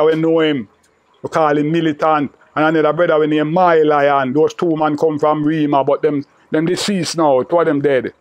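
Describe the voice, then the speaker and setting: A man's voice: fairly high pitch, no room sound. Older Jamaican man, patois storyteller. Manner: repetitive, peppered with "you know". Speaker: interviewee recalling old friend. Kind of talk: rambling oral storytelling.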